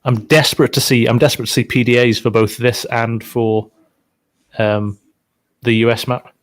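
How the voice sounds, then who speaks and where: Male co-host talking casually about a game, unsure and thinking out loud. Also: mid-range voice, level tone, moderate pace. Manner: speculative, hedging, trails off. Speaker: co-host, farming game streamer. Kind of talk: casual chat.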